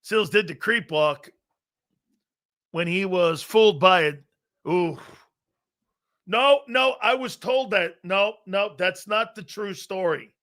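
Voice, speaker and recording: A man hosting a live football talk show, loud and blunt, laughing often and rambling through anecdotes with stop-start phrasing. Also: sits high, slow, long pauses. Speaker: sports talk show host.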